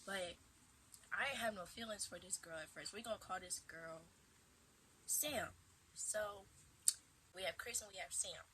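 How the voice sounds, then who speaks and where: A woman in her twenties tells a casual storytime vlog at home in a bright, forward voice. She talks animatedly and acts out dramatic retorts. The camera mic picks her up in an ordinary room. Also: medium pitch, measured pace, pauses often, a little hiss or hum, rough recording. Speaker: vlogger.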